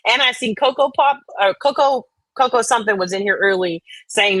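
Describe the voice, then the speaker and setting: A woman co-hosting a casual chat, talking fast and bluntly. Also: a little high, fairly bright tone, dry recording, rough recording. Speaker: co-host.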